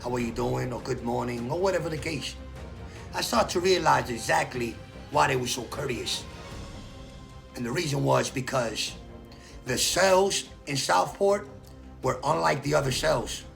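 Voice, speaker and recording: A man telling a story from his own life in a loose, animated way, acting out the people he quotes and swearing freely. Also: mid-range voice, gravelly. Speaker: storyteller recounting prison life. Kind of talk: casual storytelling monologue.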